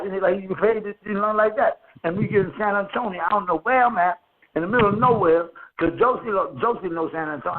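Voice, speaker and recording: A man hosting a casual call-in chat over the phone, telling loose, profane stories and laughing often. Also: sits high. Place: a friend's house. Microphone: phone line. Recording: tinny phone line with faint noise.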